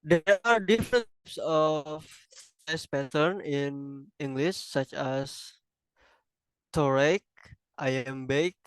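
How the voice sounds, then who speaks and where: Slow halting man giving a class presentation. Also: a little high, a bit bright, clear, resonant tone, no room sound, poor audio. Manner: halting, self-correcting, non-native phrasing. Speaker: student presenter.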